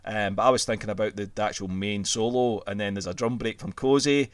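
A man's voice: on the low side, steady tone, a little fast, no room sound. Sweary Scottish man, dry sound. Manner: sweary, laughs often, many restarts. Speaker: podcast host. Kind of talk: casual chat.

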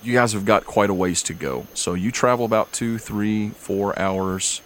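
A man narrating a tabletop game as game master, relaxed and halting with fillers. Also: on the low side.

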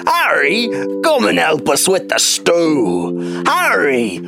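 A man's voice: fairly high pitch, wildly swooping pitch, slow pace, vocal fry, over music, voice pushed up, exaggerated voice. A man playing a big, hearty figure who bellows friendly greetings. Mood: hearty shouting. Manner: bellowing, boisterous.

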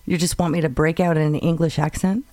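A woman from California co-hosting a casual podcast, chatty and quick to laugh. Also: low-pitched, fairly even intonation, darkish tone, dry recording, clean studio sound. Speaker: podcast co-host.

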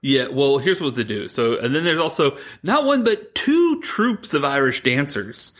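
A man co-hosting a podcast talks in a loose, rambling way, mocking what he describes and slipping in laughs. His voice sits at a middle pitch for a man. It is unhurried, easygoing chat. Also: sing-song, fairly bright tone. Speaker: podcast co-host. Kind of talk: casual chat recapping a movie.

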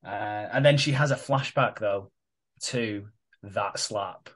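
A man's voice: fairly low pitch, slow pace, a bit bright. A man co-hosting a podcast, recapping a soap storyline in a rambling, sweary way. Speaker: podcast co-host. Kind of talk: casual recap chat.

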